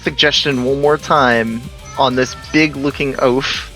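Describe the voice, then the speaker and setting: A man's voice: medium pitch, steady tone, measured pace, pushed and bright, soft background music. Easygoing male tabletop player. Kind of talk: casual tabletop game chat.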